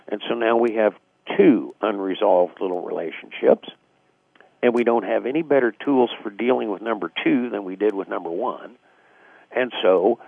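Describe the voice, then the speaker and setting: Gravelly man on a phone line. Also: lowish voice, dry recording. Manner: reflective, acts out quoted dialogue, frequent fillers. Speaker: guest author. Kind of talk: casual radio interview explanation.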